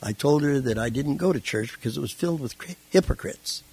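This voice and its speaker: A man tells his life story in a relaxed interview, with a gravelly, husky voice. He is animated and acts out the voices of the people in his story. His pitch sits in the middle. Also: brisk, poor audio. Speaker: interview guest. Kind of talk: casual storytelling.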